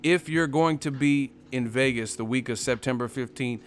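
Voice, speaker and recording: A man's voice: mid-range voice, moderate pace, a little hiss or hum. A man hosting a boxing live stream, talking casually and profanely to his viewers with lots of jokes and asides. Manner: loose, profane, joking, talks straight to viewers. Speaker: boxing channel host.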